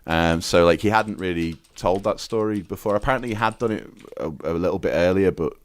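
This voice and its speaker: A man's voice: low-pitched, fairly quick. A man from the UK chatting as a podcast guest, telling rambling stories full of fillers and restarts. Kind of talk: casual chat.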